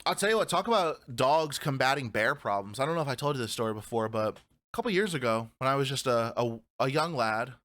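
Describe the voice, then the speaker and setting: A man co-hosting a casual podcast, telling wild stories with lots of swearing and acting out his own shouts. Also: mid-range voice, expressive, fast talker, no echo. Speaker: podcast co-host. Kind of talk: casual chat, storytelling.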